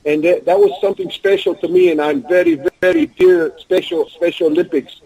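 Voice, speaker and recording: Gravelly older man, broken Russian-accented English. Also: high voice, big pitch swings, brisk, dark tone, rough recording. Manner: broken English, refers to himself in third person. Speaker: guest, pro wrestler. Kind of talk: casual interview talk.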